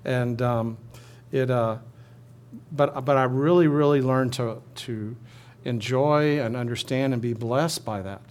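Man preaching in a relaxed, halting way. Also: medium pitch. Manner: conversational preaching with frequent restarts, leads call-and-response reading. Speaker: pastor. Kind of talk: sermon.

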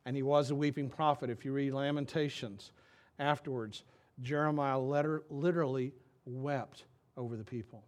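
A middle-aged man preaching a sermon, reading scripture dramatically and dropping to a quiet, intimate tone. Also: medium pitch, steady tone, normal speed. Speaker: pastor.

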